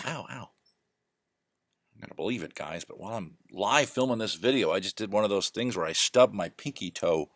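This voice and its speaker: Talking to camera from home through a laptop microphone, this vlogger rambles, pokes fun at himself, and drifts into tangents. His voice is low yet a bit bright, with clean studio sound and no room sound.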